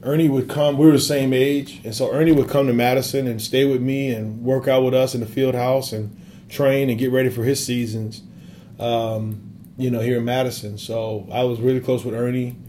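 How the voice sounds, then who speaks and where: A man's voice: medium pitch, fairly even intonation, moderate pace, warm tone, a little hiss or hum. A man in his thirties from Wisconsin, an assistant basketball coach, answering interview questions earnestly with many fillers. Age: 30s.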